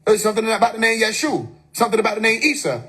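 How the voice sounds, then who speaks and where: A man's voice: high voice, expressive, racing, pushed and bright, slightly rough. A man on a phone live stream giving an emphatic, preachy spiritual monologue, full of rhetorical questions and casual swearing.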